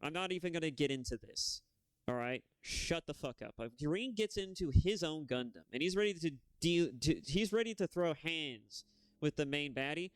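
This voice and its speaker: A man's voice: a little high, expressive, moderate pace, clean tone, dry recording. A young man ranting profanely and rambling in a casual chat while streaming a game. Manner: profane, heated, rambling rant. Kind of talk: casual gaming-stream rant.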